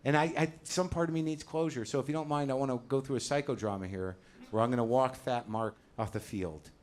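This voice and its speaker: Older male stand-up comic, conversational and self-mocking, medium-pitched voice, mic on stage. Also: fairly even intonation, fairly quick, darkish tone. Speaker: stand-up comedian. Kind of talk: stand-up routine. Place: comedy stage. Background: audience laughter.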